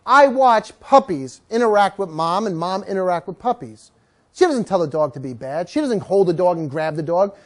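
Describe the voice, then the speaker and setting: A woman's voice: lowish voice, animated, moderate pace, darkish tone. A woman dog trainer teaching a live class, telling stories, acting out dogs and owners, and coaxing the group to repeat words after her.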